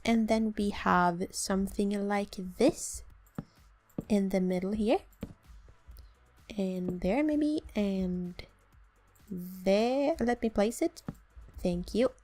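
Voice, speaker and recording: A young woman with a Swedish accent, chatting casually as she walks through a build in a game. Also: mid-range voice. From Sweden. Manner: chatty, self-deprecating, explains as she builds. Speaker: let's play host. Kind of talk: casual gameplay commentary.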